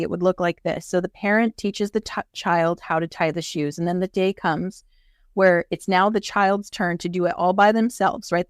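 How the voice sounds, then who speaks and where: A woman with a medium-pitched voice is a guest in a casual interview chat, earnestly explaining spiritual ideas and acting out the voices she quotes. The recording is dry and sounds clean, like a studio.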